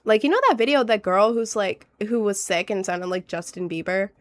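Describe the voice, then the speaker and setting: A woman in her late teens with a cold, chatting casually on a livestream in a stuffy, slightly nasal voice, bubbly and rambling. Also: medium pitch. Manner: bubbly, rambling, quick to laugh. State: has a cold. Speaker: streamer.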